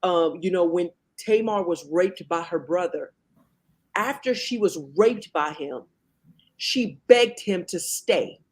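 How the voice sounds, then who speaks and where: A man with a fairly high voice co-hosting a faith talk show. He works through Bible lessons point by point, stumbling and restarting as he goes. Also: slow. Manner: counts off points, many restarts and fillers. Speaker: co-host.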